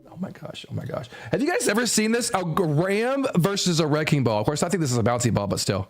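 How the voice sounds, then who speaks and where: Animated young streamer guy, lively pitch. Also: fast. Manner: animated, repeats himself, swears, laughs often. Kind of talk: casual reaction commentary.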